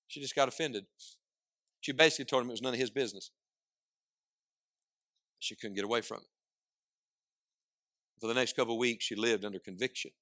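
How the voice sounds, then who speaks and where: A man preaching a sermon, swinging from loud declarations to hushed asides and prompting the congregation to answer. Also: medium pitch. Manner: asks the congregation questions and prompts replies.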